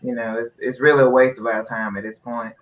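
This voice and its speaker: A man's voice: medium pitch, level tone, a little fast. A man talking in a laid-back, slangy way as a guest on a casual online show, filling his speech with "you know". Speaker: guest co-host. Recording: dull lo-fi audio.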